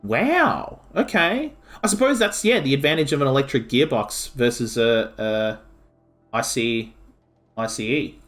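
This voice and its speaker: An Australian man streaming a game and chatting casually, rambling excitably with lots of filler words. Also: medium pitch, unhurried, faint music behind. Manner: rambling, excitable, heavy use of "like". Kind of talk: casual chat while streaming.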